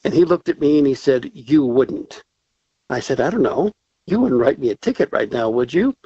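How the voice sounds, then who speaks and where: A man's voice: medium pitch, animated, moderate pace, dark tone, slightly rough, dry recording, muffled recording. A man calling in to a talk show, telling a story casually and animatedly, acting out the voices he quotes. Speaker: caller.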